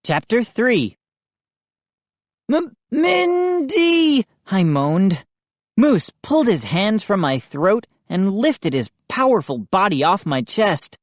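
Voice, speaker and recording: A woman reading a children's audiobook aloud at a slow, steady pace, her pitch moving lively through the lines. The reading is dry and close, with no room sound. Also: no room sound. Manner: expressive, unhurried reading. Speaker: audiobook reader. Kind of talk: scripted audiobook narration.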